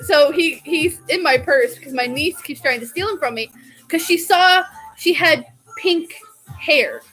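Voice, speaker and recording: A woman's voice: high voice, a little slow, a bit bright, faint music behind, poor audio. A young woman vlogging in a casual, chatty way, gushing and laughing often. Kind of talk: casual chat.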